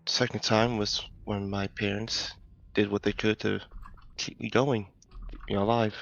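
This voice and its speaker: A man speaks in character in an online tabletop game, calm and reflective. His voice is low and gravelly. The audio is somewhat dull, with faint music underneath. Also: a little slow. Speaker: player.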